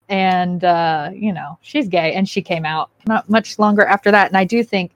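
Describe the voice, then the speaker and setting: A woman hosting a podcast in casual chat, a candid and animated storyteller who slips into quoted asides. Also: mid-range voice, moderate pace, no echo. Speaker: podcast host.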